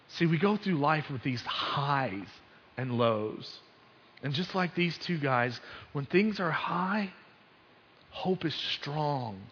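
A male pastor giving a conversational sermon, telling the story with sports asides and frequent restarts. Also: on the high side. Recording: dull sound with long hall reverb.

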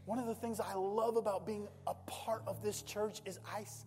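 A man's voice: high-pitched, fairly even intonation, moderate pace, hardly any pauses, darkish tone, faint music behind. Impassioned male pastor preaching in a reverberant hall. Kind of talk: sermon. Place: church sanctuary.

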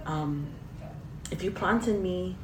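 A woman guest giving an earnest, halting faith testimony in an interview. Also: on the low side. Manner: earnest, halting, tearful at times. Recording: roomy, distant, faint hiss.

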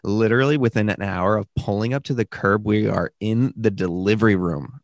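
A young man talks through a story in an easy, rambling way, with lots of fillers and sudden bursts of energy. His voice sits a little low. The sound is dry and close. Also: brisk, gravelly, no echo. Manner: animated, rambling with many fillers. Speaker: podcast guest, new father. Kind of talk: casual storytelling chat.

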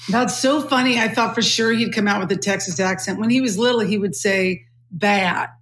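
A middle-aged woman from California hosting a podcast, with a low textured voice. She thinks aloud in casual chat, full of fillers. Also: fairly quick, fairly bright tone, slight background noise. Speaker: podcast host.

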